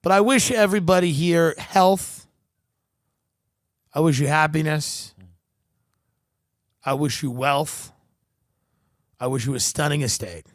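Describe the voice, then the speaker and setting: A man's voice: fairly high pitch, takes it slowly, pauses often, no echo, studio quality. A man hosting a comedy podcast, riffing in a profane, sarcastic, rambling monologue.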